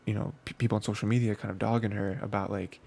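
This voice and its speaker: A man's voice: on the low side, flat delivery, quick pace, vocal fry, a little mellow, a little hiss or hum. A man hosting an anime review show, talking casually with lots of fillers and restarts. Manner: rambling, filler-heavy, frequent restarts.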